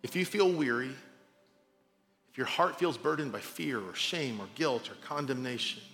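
Bright-voiced pastor preaching in a hall. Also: male voice, mid-range voice, animated, moderate pace, soft background music. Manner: dynamic, swings from loud emphasis to quiet drops; conversational, informal asides. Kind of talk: sermon.

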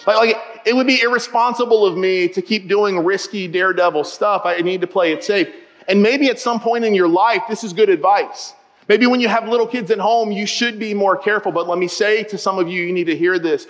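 Man, pastor, high voice, lively joking sermon, church hall reverb. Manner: lively, joking, direct to the congregation. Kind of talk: sermon with humorous storytelling. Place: church auditorium.

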